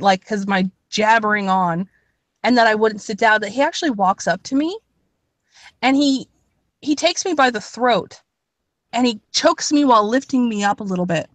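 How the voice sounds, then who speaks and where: A woman's voice: on the high side, expressive, moderate pace, dry recording. A young woman telling a story in a casual chat, rambling with lots of "like" and swearing. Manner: rambling, many "like"s, swears, laughs a lot. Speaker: podcast co-host.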